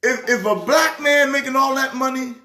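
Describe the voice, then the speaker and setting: A man who is a pastor, talking sports casually in an excitable way, repeating words with a preacher's rhythm. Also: very high-pitched, normal speed, echoey room. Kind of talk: casual sports talk show.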